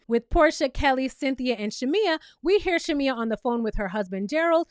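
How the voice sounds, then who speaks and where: Sassy lady recapping a show, real high voice, dry room, lots of okay?. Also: dry recording. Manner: sassy and emphatic, tags lines with "okay?". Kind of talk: casual TV recap commentary.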